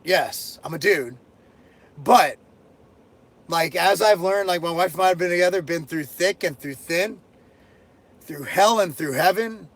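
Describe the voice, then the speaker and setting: A middle-aged man hosting a live stream, reading out viewer questions and answering them bluntly, joking crudely and swearing freely. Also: high-pitched. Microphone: headphones and desk mic.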